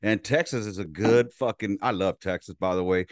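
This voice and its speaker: A man's voice: sits low, normal speed, no echo, clean studio sound. Profane laid-back man from Los Angeles. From Los Angeles, California. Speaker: podcast host, veteran. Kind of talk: casual podcast chat.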